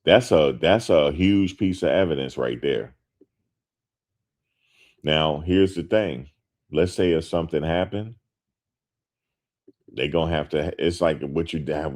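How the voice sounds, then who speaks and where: A man's voice: extremely low pitch, measured pace, long pauses, darkish tone. A man hosting a show, talking casually and emphatically to his viewers, repeating his points with lots of slang. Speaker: host.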